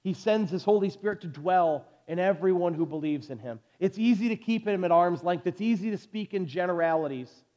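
Man, pastor, 40s, sermon, slightly high voice, animated then hushed, dull lo-fi recording. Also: fairly quick, few pauses. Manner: animated storytelling, drops to soft intense delivery. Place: church sanctuary.

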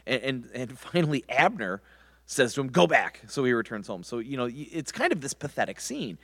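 A man's voice: medium pitch, big pitch swings, a little fast, fairly bright tone. A man teaching a Bible passage verse by verse in a rambling, conversational way with many restarts.

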